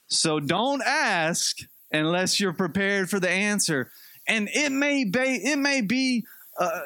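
Male pastor, sermon, high voice, casual storytelling, joking asides, dry close sound. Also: no room sound. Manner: conversational, animated storytelling with light humor.

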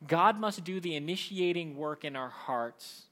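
A man preaching a sermon in a conversational, animated way, acting out the voices he quotes. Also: fairly high pitch, unhurried. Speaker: pastor.

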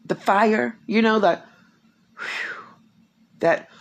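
Drawing out her words in a mid-range voice, a faith speaker in her 50s offers a spiritual encouragement talk at home. The setting is quiet, and her delivery is emphatic, repetitive and full of rhetorical questions.

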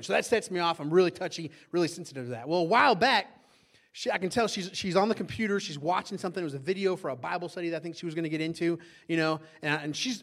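A middle-aged man preaching a sermon, telling a story from his own marriage with animated energy. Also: high-pitched, gravelly. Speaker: pastor.

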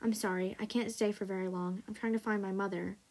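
A woman voicing a guarded, quiet young male dragon in a storybook reading. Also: mid-range voice, steady tone, brisk, lightly acted.

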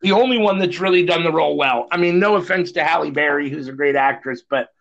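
A man's voice: fairly high pitch, quick pace, gravelly, fairly bright tone. A man co-hosting a podcast, chatting casually and rambling with many fillers and restarts, on a phone. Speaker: podcast co-host. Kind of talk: casual chat. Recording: dull lo-fi phone audio.

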